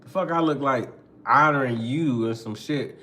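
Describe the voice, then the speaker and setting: A man's voice: mid-range voice, moderate pace, pushed and bright. A man hosting a podcast, talking casually about relationships in loose slangy speech with lots of laughing and swearing. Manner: loose slangy talk, frequent laughter and profanity. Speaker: podcast host. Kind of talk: casual relationship advice talk.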